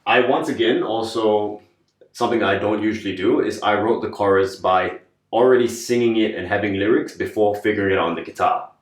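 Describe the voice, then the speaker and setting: A man's voice: lowish voice, fairly quick, echoey room, far from the mic. A songwriter talking plainly about his writing in a casual interview, laughing along at jokes.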